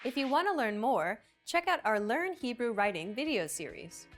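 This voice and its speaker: Lively woman narrating a language lesson. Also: on the high side, normal speed, soft background music. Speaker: lesson host.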